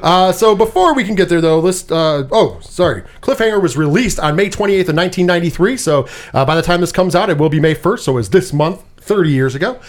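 A man's voice: sits high, expressive, fast talker, hardly any pauses. A man co-hosting a casual movie review podcast, chatty and rambling, often laughing at his own jokes. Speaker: podcast co-host.

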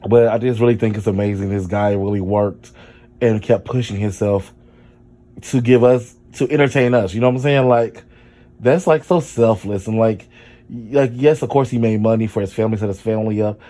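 On his casual solo podcast, a young man rambles chattily about his feelings, using plenty of fillers. He has a lowish, warm voice and speaks at a normal pace.

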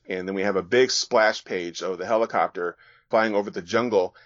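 A man's voice: sits low, fairly quick, no echo. A man, a graphic novelist guest on a podcast, casually walking listeners through his comic page by page. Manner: casual, descriptive, with fillers. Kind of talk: reading and describing his comic. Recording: dull, dry sound.

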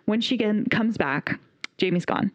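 A woman's voice: mid-range voice, measured pace, no echo. Gushing woman with a muffled, dry sound. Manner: enthusiastic, animated retelling with frequent laughter. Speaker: podcast co-host reviewing a film. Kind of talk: casual chat. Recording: dull, dry lo-fi recording.

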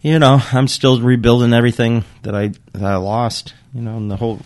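A middle-aged father on a casual podcast, telling stories animatedly, swearing and loudly acting out what people said. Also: medium pitch, fairly quick. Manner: animated, swearing storyteller who acts out quotes loudly. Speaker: guest father. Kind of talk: casual storytelling chat.

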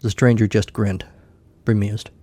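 A man's voice: lowish voice, level tone, a little slow, dark tone, no echo. A man narrating a comic short story in a wry, dry way.

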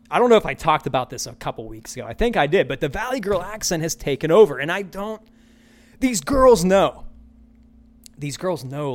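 A man's voice: on the high side, creaky. Ranting, cussing podcast host man. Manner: ranting, profane, repeats his punchlines. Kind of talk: solo podcast rant.

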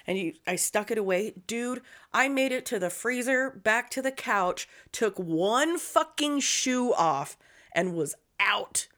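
Profane, animated woman storyteller. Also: on the high side, slow pace. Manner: acts out quoted voices. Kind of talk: casual chat.

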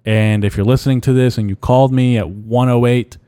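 A young man rants alone on his casual podcast, swearing heavily, speaking bluntly and repeating himself a lot. His mid-range voice is warm and clean with fairly even intonation and a slightly fast pace. The recording is dry and studio-clean.

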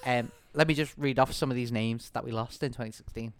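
A man co-hosting a music podcast, chatting in an animated way and laughing often. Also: mid-range voice, fairly quick, smooth, no room sound, studio quality. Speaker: podcast co-host. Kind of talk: casual chat.

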